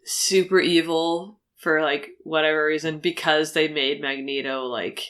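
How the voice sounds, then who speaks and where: A woman's voice: low voice, fairly even intonation, unhurried, fairly bright tone. A woman co-hosting a podcast in casual chat, rambling through fillers and laughing often. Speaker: podcast co-host.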